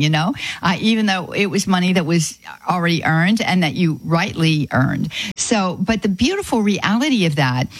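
Lady radio host on a call-in show, lowish voice, dry close studio mic, folksy and chatty. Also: lively intonation, moderate pace, dry recording, rough recording. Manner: warm-hearted, folksy, exclaims often. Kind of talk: Catholic call-in radio talk.

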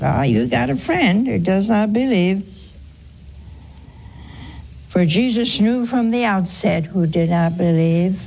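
A woman's voice: medium pitch, gravelly, a little mellow, a little hiss or hum. A woman hosting a religious call-in show, answering a caller with earnest, emphatic teaching and repeated points. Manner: slow, earnest, emphatic preaching with repetitions.

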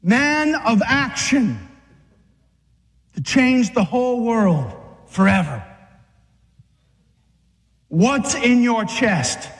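High-voiced man preaching in an echoing hall. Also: big pitch swings, drawn-out words, long pauses. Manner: urgent and exhorting, acting out scenes. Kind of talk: fiery sermon. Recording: long reverb of a large hall.

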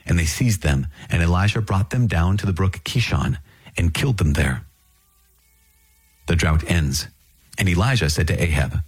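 Man, scripture reading, measured, solemn, deep voice, husky tone. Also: animated, a little mellow, no room sound. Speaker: scripture reader.

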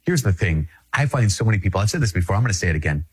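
A middle-aged priest from Minnesota talks to the listener in a husky, slightly low voice. He teaches in a conversational way, earnest and emphatic, and he drives his points home by repeating short phrases. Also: sing-song, rapid-fire, darkish tone. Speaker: Catholic priest.

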